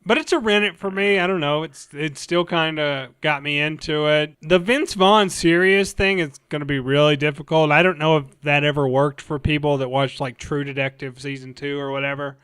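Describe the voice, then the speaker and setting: Man, podcast co-host, casual movie chat, rambling, smooth clear voice, dry close sound. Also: a little high, steady tone, normal speed, hardly any pauses, fairly bright tone, no echo. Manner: rambling, restarts and trailing off.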